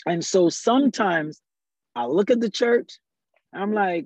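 A man who leads worship tells stories in a lively, fast way and often quotes himself in asides. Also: high-pitched, dry recording. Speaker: worship leader. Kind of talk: conversational storytelling. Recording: slightly dull, dry recording.

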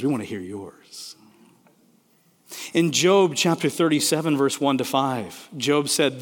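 A man preaching a sermon, swinging between loud emphatic declarations and hushed, quiet passages. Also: mid-range voice. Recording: long hall reverb.

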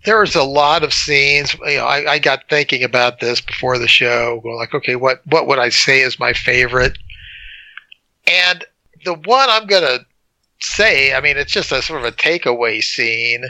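Man, animated storyteller, casual movie chat, dry close sound. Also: mid-range voice, moderate pace, no room sound, low-quality recording. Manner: animated storyteller, acts out scenes. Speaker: podcast co-host.

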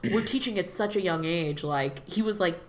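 A woman with a low voice speaks in a loose, rambling way as a podcast co-host. She fills her sentences with "like" and "you know" and often slides into laughter. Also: normal speed. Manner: chatty, many fillers, laughs often. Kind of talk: casual conversation.

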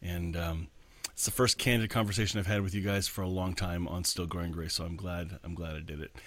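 A man who is a pastor and podcast host, talking in an earnest, reflective way in a candid monologue and slowing down to stress his points. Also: low voice, steady tone, a bit bright, dry recording.

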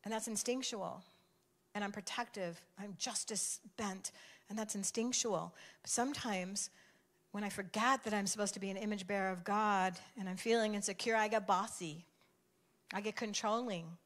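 An older woman delivers a conversational sermon in a middle-pitched voice. She tells a homely story with animated emphasis and repeats phrases to drive each point home. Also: normal speed. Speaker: speaker sharing a devotional message.

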